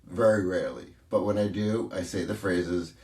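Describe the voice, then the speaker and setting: A man speaking as a coach in a casual interview, telling stories in an animated way and laughing easily. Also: sits low, normal speed, echoey room, far from the mic.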